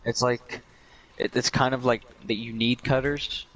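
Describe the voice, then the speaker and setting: A young male guest talks in a relaxed, halting way, often restarting words mid-sentence. His voice sits mid-range, with faint background noise on his line. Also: mid-range voice. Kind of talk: casual chat.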